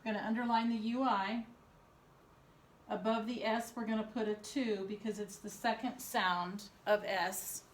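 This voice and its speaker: A woman teacher dictating a spelling lesson to young pupils, slowly sounding out each syllable. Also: medium pitch, fairly even intonation, slight background noise. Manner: slow, deliberate, sounding out syllables. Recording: echoey room.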